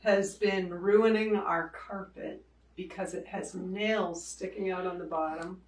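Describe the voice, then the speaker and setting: A woman's voice: on the low side, steady tone, measured pace. A woman with a Boston accent chatting casually at home in a vlog, thinking aloud while she sorts through a room. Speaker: vlogger.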